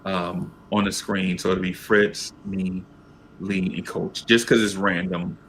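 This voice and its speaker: Gravelly animated man telling stories. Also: deep voice, takes it slowly, a little hiss or hum. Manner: animated storyteller, acts out voices. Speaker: podcast host. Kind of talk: casual sports talk.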